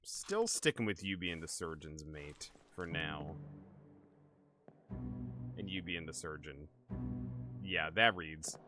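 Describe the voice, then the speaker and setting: A man's voice: very deep voice, expressive, slow, long pauses, over music. A man streaming a game, joking with chat and thinking aloud as he plays. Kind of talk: casual gaming stream chat.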